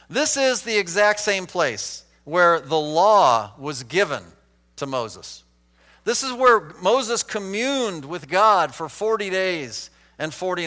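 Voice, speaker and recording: A man preaching an expository Bible sermon, acting out quoted lines with sweeping changes in pitch and loudness. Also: long reverb tail. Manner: dramatic, acts out quoted lines with big swings in pitch and volume.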